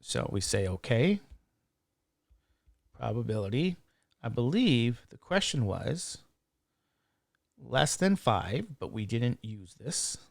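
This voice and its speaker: A man lecturing on statistics at an unhurried, deliberate pace, with a gravelly edge to his voice. He works through each calculation and counts digits aloud one by one. The sound is dry and close. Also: medium pitch, very animated, no room sound. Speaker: statistics instructor. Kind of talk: classroom lecture.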